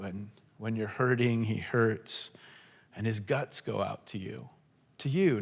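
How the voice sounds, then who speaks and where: A man preaching a sermon in a church, acting out quotes and swinging from loud to hushed. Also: medium pitch. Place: church hall.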